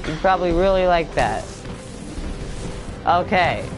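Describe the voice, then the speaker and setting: A man with a high voice and lively intonation streams himself playing a shooter, speaking a little slowly as he gives casual commentary. He teases opponents with mock-tough taunts while game music plays in the background.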